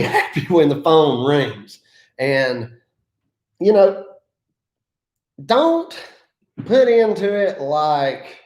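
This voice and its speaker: With an Appalachian accent, a land clearing contractor from North Carolina's mountains hands out self-deprecating, folksy business advice in a casual vlog. His voice runs on the high side and is a little mellow, and the room echoes.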